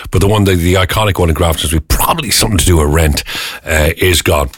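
A man's voice: low voice, dry recording, studio quality. A man with an Irish accent hosting a breakfast radio show, chatty and jokey as he takes listener calls. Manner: chatty, jokey, quick-talking. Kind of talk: casual radio chat taking listener calls.

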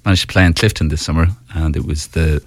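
Deep-voiced man, relaxed and blunt. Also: fast, no echo. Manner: relaxed, blunt, dry humour. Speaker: guest musician. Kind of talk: casual radio interview. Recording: dry studio.

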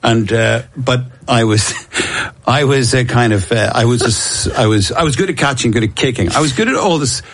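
A man's voice: medium pitch, normal speed. A middle-aged Dublin man telling stories as an interview guest, rambling and self-deprecating, often restarting his sentences. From Ireland. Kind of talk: casual storytelling interview.

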